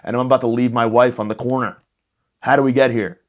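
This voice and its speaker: A man's voice: mid-range voice, flat delivery, quick pace, lightly acted. A man voicing his lost, exasperated middle-aged father, who pushily demands directions from a stranger.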